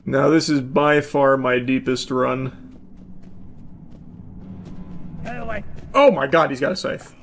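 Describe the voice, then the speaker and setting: A man giving let's-play commentary, yelling and swearing at the game, with dry low asides between outbursts. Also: slow, long pauses, soft background music. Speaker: gaming video host.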